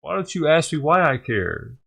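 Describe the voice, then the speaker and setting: A man's voice: fairly high pitch, very animated, normal speed, creaky, fairly bright tone, slightly rough. A man hosting a vlog who rants and swears heatedly while reacting to a news clip. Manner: heated, ranting, swears often. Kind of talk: profane reaction commentary.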